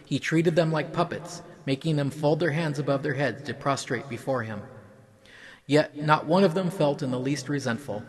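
A man reading a mythological story aloud in an even, measured storytelling voice. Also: a little high, crowd noise.

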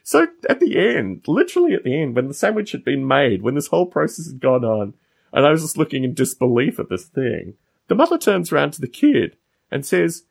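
A man's voice: a little high, wildly swooping pitch, fairly quick, vocal fry, husky. A man in casual podcast chat, telling wry stories with sarcastic asides. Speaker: podcast co-host.

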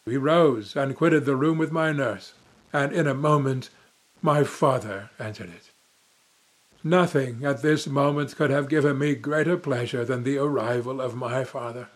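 A man's voice: mid-range voice, measured pace. A young man narrating a classic novel in first person with dramatic, emotive delivery. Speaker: audiobook narrator.

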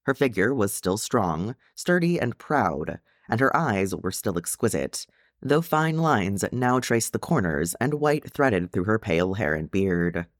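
A man narrates a fan fiction audiobook in an expressive, low voice. His pitch moves widely, and the recording is close and dry with no room echo. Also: measured pace. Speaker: reader.

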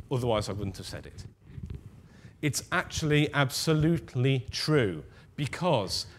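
A man preaching a sermon in a measured, emphatic way, dropping to a near-whisper on key words. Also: medium pitch.

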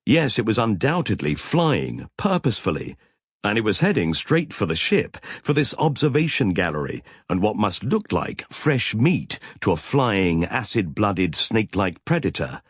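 A man's voice: lowish voice, very animated, normal speed, slightly rough, dry recording, studio quality. A man narrating a science fiction audiobook in a vivid, tense storytelling manner.

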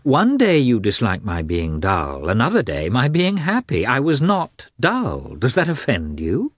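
Man voicing a mocking aristocratic woman, raised pitch, feigned surprise, dry close sound. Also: huge pitch swings, a little slow, husky, dry recording, exaggerated voice. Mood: petulant.

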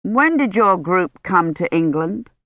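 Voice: medium pitch, lively intonation. A reader plays a tired older man, an academic who weighs each word and questions people methodically. The audio is muffled and dry, with no room echo. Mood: careful. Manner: measured, careful. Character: weary older male Oxford don, careful.

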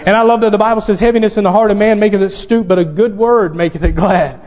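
A man preaching a sermon, fervent and growing excited as he quotes scripture. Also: high voice, quick pace. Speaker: pastor. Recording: dull lo-fi sound with long hall reverb.

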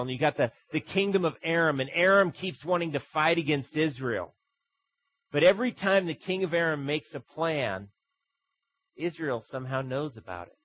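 A man preaching a sermon, telling stories that rise into loud bursts and drop to soft asides. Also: medium pitch, breathy edge, rough recording. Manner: storytelling with sudden loud swells and soft drops. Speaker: pastor.

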